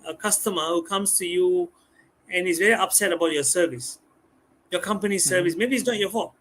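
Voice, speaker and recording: High-pitched guy talking on a live stream, animated, stumbles over his words, a little background hiss. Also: fairly quick. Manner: animated, acts out customers' voices, repeats words. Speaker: guest speaker. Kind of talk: live-stream talk on communication skills.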